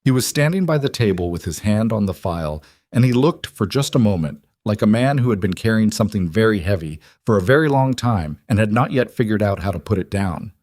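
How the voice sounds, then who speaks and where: A man narrating a story in a steady, deliberate audiobook reading. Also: fairly low pitch, no echo, studio quality.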